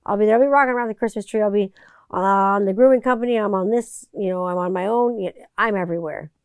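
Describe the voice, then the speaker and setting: Woman rambling on her podcast, smooth clear voice, dry close sound, lots of likes and you knows. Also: medium pitch, quick pace, darkish tone, dry recording. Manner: rambling, filler-heavy. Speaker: podcast host. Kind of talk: casual monologue.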